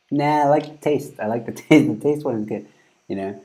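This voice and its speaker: A man hosts an informal news chat, talking into a close mic. He rambles, repeats himself and laughs freely at what he reacts to. His voice sits at an ordinary middle pitch for a man. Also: brisk, mellow. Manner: laughs often, loose and rambling. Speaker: show host. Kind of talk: casual news commentary.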